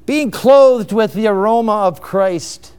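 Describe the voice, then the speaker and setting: A man preaching a sermon, emphatic and unhurried, with exclamations and chuckles. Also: sits high, a little mellow, smooth.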